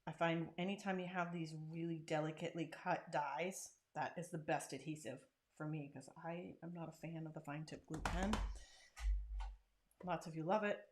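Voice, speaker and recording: Craft channel host, woman, lowish voice, chatty and self-deprecating, casual tutorial. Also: steady tone, moderate pace, slight background noise. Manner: chatty and self-deprecating, talks while working.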